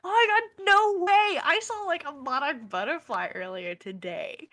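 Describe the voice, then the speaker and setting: A woman's voice: on the high side, big pitch swings, a little slow, pushed and bright, exaggerated voice. A woman voicing a peppy, preppy teenage cheer captain who chatters with lots of filler words. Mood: bubbly.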